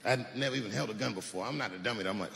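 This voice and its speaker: A man's voice: on the low side, rapid-fire, gravelly, sharp tone. A man doing stand-up comedy who tells stories conversationally and acts out the other people in them. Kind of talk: stand-up storytelling. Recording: roomy venue with long reverb and noise.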